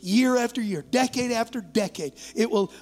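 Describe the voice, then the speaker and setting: A male pastor preaching a lively sermon, coaxing the congregation to talk back and acting out imagined doubts. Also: extremely high pitch, moderate pace, big-room sound. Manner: acts out imagined voices and doubts. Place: church sanctuary, live service.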